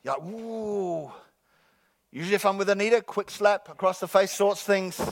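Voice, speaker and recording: A man preaching a sermon to his congregation, joking with the crowd and slowly repeating his key lines. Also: high-pitched, no echo. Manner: jokey, repeats key lines slowly, calls out "come on, somebody". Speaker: pastor. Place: church sanctuary with congregation.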